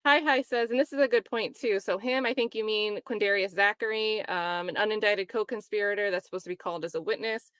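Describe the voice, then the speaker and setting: Woman host, casual stream talk, mid pitch, laughs often, dry close mic. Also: fairly quick, hardly any pauses, fairly bright tone, clear, resonant tone, dry recording. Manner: chatty, laughs often, mocks quoted voices. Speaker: livestream host commenting on a trial. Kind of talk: casual livestream commentary reading chat.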